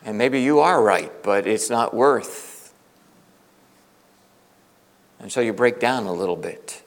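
A male pastor preaching a sermon, swinging from loud, emphatic peaks to hushed asides. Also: medium pitch. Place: church sanctuary. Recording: reverberant church hall.

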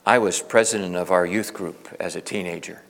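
Gravelly middle-aged preacher in a hall. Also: male voice, sits low, fairly even intonation, fairly quick, fairly bright tone. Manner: earnest, conversational, with frequent restarts. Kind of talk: storytelling sermon. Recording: long reverb of a large hall.

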